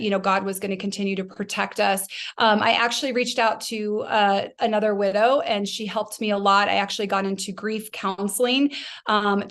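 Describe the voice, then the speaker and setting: A woman in her forties, a podcast guest speaking softly and reflectively, with frequent fillers. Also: medium pitch. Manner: soft-spoken, reflective, with many um and you know fillers. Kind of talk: personal testimony in a podcast interview.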